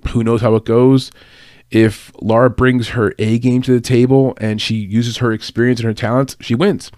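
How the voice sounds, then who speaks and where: A man's voice: mid-range voice, little pitch movement, moderate pace, darkish tone, dry recording. Man, casual betting analyst, chatty, laughs at himself, dry close sound. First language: English. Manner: chatty, laughs at own remarks, lots of fillers. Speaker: fight analyst and betting tipster. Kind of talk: casual spoken fight predictions.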